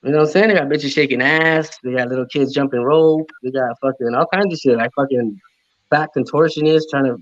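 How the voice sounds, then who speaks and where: A man's voice: medium pitch, a little fast, dry recording. A man who is a comedian guest on a podcast, chatting casually and profanely, slipping into Spanish. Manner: profane, animated, slips into Spanish. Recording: dull, dry audio.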